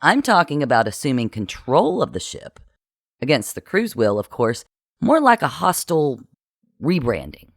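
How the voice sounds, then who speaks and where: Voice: medium pitch, wildly swooping pitch, moderate pace, no echo, studio quality. The narrator voicing a bossy, scheming woman who dresses up orders in corporate euphemisms.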